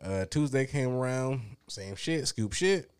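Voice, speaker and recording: A man telling a long story in a casual, profane chat, acting out quotes with sudden high-pitched outbursts. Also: animated, measured pace, smooth.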